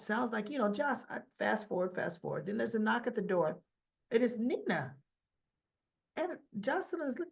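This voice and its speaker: A woman's voice: medium pitch, normal speed, vocal fry. A woman hosting a casual, opinionated recap of a soap opera, talking straight to her viewers and acting out the characters' lines.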